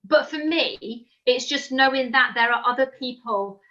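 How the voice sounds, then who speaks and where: Bright-voiced woman on a dull line. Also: high voice, moderate pace. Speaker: parent of an autistic son. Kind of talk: casual group chat.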